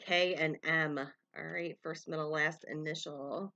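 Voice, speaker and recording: Low, bright-toned woman reading tarot. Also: steady tone, slow, few pauses. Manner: meandering, calls out names and initials as they come, frequent fillers. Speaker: tarot reader. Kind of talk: collective tarot love reading to viewers.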